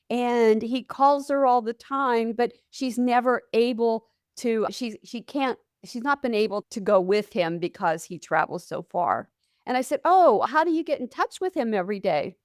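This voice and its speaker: Recorded with clean studio sound and no room sound, a middle-aged woman speaks in a slightly high voice. She's a nurse hosting an interview-style podcast, posing questions and recounting stories from her job.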